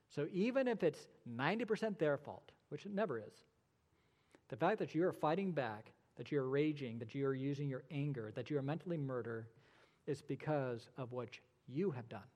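A man's voice: on the high side, darkish tone, long reverb tail. A male pastor delivering a sermon, emphatic and full of rhetorical questions, with dry sarcastic asides.

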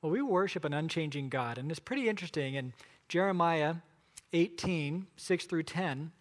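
A male preacher with a notably high voice delivers a sermon. He tells the story with dramatic flair and keeps putting questions to his listeners. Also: animated, normal speed.

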